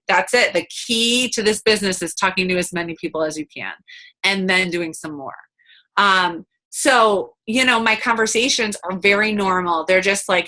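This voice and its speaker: A woman's voice: mid-range voice, normal speed, pushed and bright. A woman giving a chatty, upbeat coaching talk over a video call, full of fillers and quoted asides. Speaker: team coach.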